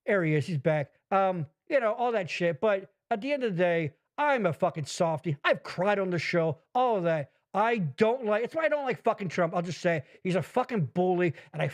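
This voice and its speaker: A man's voice: high voice, expressive, normal speed, hardly any pauses. A man hosting a podcast in casual chat, rambling and swearing freely, laughing often. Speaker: podcast host.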